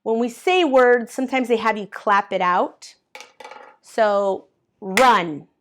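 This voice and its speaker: Very slow-speaking woman teaching English. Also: a little high, a bit bright, slight background noise. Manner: patient, spells out letters one by one. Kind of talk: slow classroom grammar explanation.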